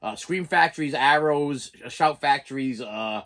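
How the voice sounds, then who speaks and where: A man's voice: mid-range voice, moderate pace, fairly bright tone. A middle-aged man who collects movies, telling a long story in a casual, rambling way and often stammering and repeating words.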